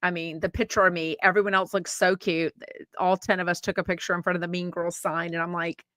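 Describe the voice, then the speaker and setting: A Texan woman hosting a podcast talks fairly quickly in a low, flat voice with a sharp tone, and there's no room sound. Reading out comments during a casual live-stream chat, she rambles with many fillers and restarts.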